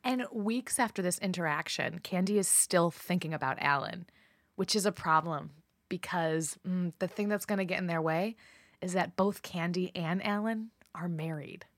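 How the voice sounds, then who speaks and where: A woman's voice: fairly low pitch, normal speed, dry recording, studio quality. A woman co-hosting a casual true-crime podcast, playfully setting scenes as she tells the story. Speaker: podcast co-host.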